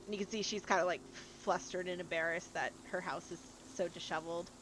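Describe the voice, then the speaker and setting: A woman's voice: lowish voice, fairly even intonation, a little fast, background noise. A woman narrating as game master of a tabletop game in a chatty, rambling way.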